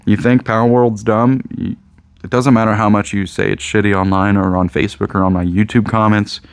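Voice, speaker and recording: A man's voice: lowish voice, flat delivery, fairly quick, gravelly, smooth, no echo. A man with a Midwestern American accent, a card shop owner rambling casually to camera, joking and repeating himself. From Indiana, USA.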